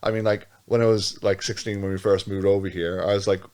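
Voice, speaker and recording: A man's voice: deep voice, little pitch movement, brisk, darkish tone, clear, resonant tone. Sweary, rambling man chatting as a guest. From Australia. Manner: rambling, sweary, laughs a lot, restarts often. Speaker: podcast guest, car dealer. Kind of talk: casual chat.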